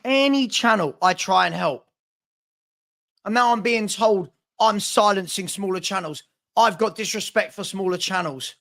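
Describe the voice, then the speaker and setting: A frustrated man hosting a football channel vents on a live stream, stammering, restarting, and repeating phrases. His voice sits high and is a bit bright, at a moderate pace.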